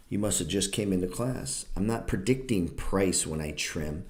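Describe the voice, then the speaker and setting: A man with a slightly low voice teaches trading on a live stream. He speaks bluntly and swears often, lecturing viewers with a sarcastic edge. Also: expressive, moderate pace, hardly any pauses, darkish tone. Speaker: trading educator and show host.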